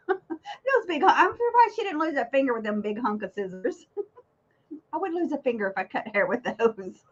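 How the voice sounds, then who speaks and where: Giggly woman, high voice. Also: normal speed, long pauses. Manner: giggly, animated storyteller. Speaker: co-host of a vintage-selling chat stream. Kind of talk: casual chat. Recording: muffled lo-fi stream audio.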